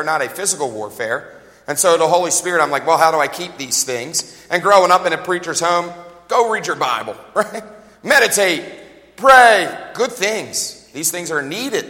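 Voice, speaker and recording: A man in his forties preaching a revival sermon, lively and joking, often laughing and calling out to the congregation. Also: on the high side, long reverb tail. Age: 40s.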